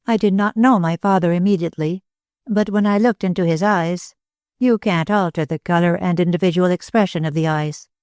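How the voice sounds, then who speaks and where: A young woman in an audiobook, vehement and pleading as she speaks her grievances, voiced by the woman narrator. The tone runs low and close, with a dry, roomless sound. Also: brisk, a little mellow, no room sound, natural voice. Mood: reproachful.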